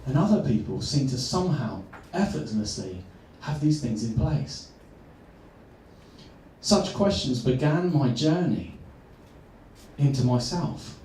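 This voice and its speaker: A man, a coach, telling a personal story earnestly and slowing down for emphasis. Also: mid-range voice, animated, dark tone, slight background noise. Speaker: transformational coach. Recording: echoey room, far from mic.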